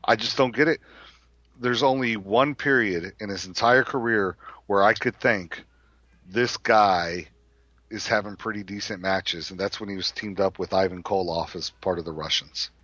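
Blunt, low-voiced podcast co-host man. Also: normal speed, pushed and bright, no room sound, muffled recording. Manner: blunt, opinionated, with many restarts. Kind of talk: casual podcast chat.

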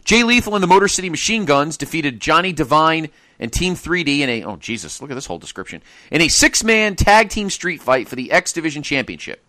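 A man's voice: fairly high pitch, animated, fairly quick, hardly any pauses, bright, forceful tone, no echo. A man hosting a podcast, reading match results aloud with incredulous asides and frequent laughter. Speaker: podcast host. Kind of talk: casual chat, reading match cards.

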